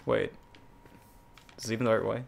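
A young man co-hosting a gaming channel, thinking out loud and swearing freely as he plays. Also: on the low side, a little fast, gravelly. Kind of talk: casual gameplay commentary.

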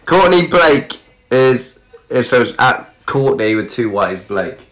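A man's voice: mid-range voice, very animated, takes it slowly, fairly bright tone. Giggly man reading comments. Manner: giggly, reads out usernames. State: ill, ears blocked. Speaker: livestream host reading comments. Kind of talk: casual live-stream chat.

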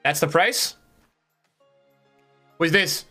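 A man with a fairly high voice talks to his live-stream chat in quick, restless bursts. He swings between hype and letdown and leans on casual fillers, with faint music underneath. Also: sharp tone. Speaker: streamer opening game packs.

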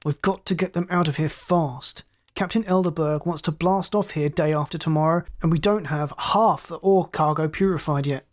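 A storyteller voicing a grim male first mate in an audiobook, speaking crisply and urgently. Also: medium pitch, normal speed, close to an everyday voice.

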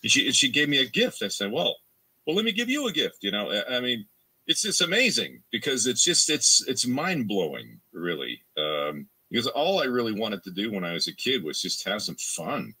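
Very animated at normal speed, this Canadian voice actor sounds husky, pushed and bright. As a guest, he rambles casually through interview questions with many restarts and fillers, acting out fans' quotes in a higher voice.

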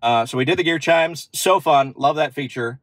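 A man with a fairly high voice speaks at a moderate pace, with no echo, as he hosts a car channel from inside his parked car. He chats casually through a demo walkthrough of its features, thinking aloud and using fillers.

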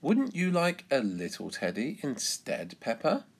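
A man's voice: mid-range voice, wildly swooping pitch, a little slow, pitched above the performer's own voice, exaggerated voice. A man voicing a confident, determined mother pig with a firm way of speaking.

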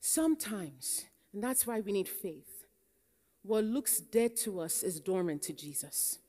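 A woman's voice: medium pitch, expressive, unhurried, warm tone. A Nigerian American woman pastor preaching a sermon, telling stories that build to emphatic preaching. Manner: storytelling, rising to emphatic preaching. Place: conference hall. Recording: long hall reverb.

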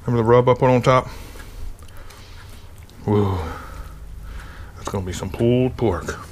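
Man, enthusiastic home cook, casual vlog, medium pitch, noisy recording. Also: measured pace. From Pennsylvania. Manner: enthusiastic, tasting and reacting with pleased murmurs. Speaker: cooking video host.

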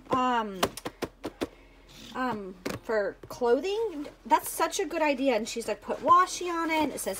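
A woman with a fairly high voice talks slowly and warmly through a casual unboxing vlog, gushing over each item. She sounds excited and chatty, recorded at home on a camera mic with faint noise behind her. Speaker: vlogger.

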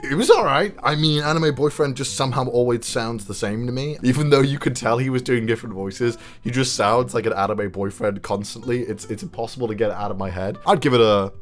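A Welsh man reacting casually as a YouTuber, candid and animated. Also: mid-range voice, brisk, few pauses, soft background music. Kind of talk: casual chat.

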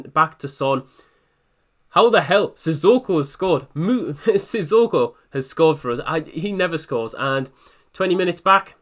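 A young gaming YouTuber with a medium-pitched voice narrates his own football video game matches. He's excitable, quick to criticize himself, and breaks into disbelieving outbursts.

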